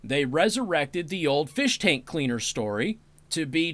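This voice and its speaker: A man's voice: fairly high pitch, big pitch swings, measured pace, fairly bright tone, dry recording. A man hosting a talk show, chatting casually with listeners and turning sarcastic on political topics. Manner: sarcastic, apologetic asides, breaks into laughter. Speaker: radio talk show host. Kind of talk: casual livestream commentary.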